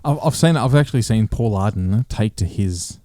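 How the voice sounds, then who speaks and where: Joking man with a mellow voice. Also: fairly low pitch, expressive, a little hiss or hum. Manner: joking, storytelling, quick to laugh. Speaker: podcast co-host. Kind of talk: casual podcast chat.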